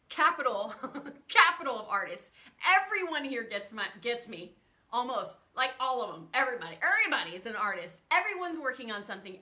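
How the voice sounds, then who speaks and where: A woman in her thirties talks to her livestream viewers from a room at home, stopping to greet them by name. Her voice sits high and sounds bright and forward, and her talk is open and emotional. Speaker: livestream host. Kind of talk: casual livestream chat.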